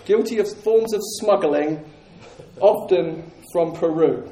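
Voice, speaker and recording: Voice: mid-range voice, slow, mellow. A preacher delivering a sermon, emphatic and repeating key phrases, with jokes for the congregation. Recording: roomy echoing hall.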